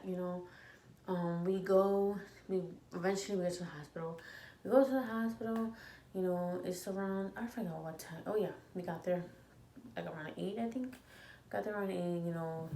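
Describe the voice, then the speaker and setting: A woman in her twenties telling a storytime vlog, animated and swearing freely as she quotes people in her story. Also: fairly low pitch. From United States. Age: 20s. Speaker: vlogger. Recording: echoey room with faint ambient noise.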